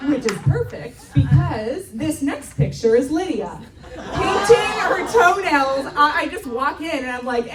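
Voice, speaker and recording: A woman's voice: sits high, expressive, measured pace, far from the mic, noisy background. A woman in her thirties giving a chatty, self-mocking talk at a church retreat, often laughing as she tells family stories. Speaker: retreat speaker. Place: church hall. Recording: echoey hall, mic from afar.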